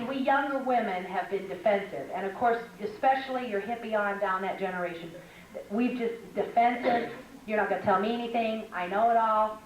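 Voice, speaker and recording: This is an older woman at a women's conference, teaching through stories in a chatty, humorous manner. Her medium-pitched voice is captured from far off in an echoey hall, with a little hiss or hum.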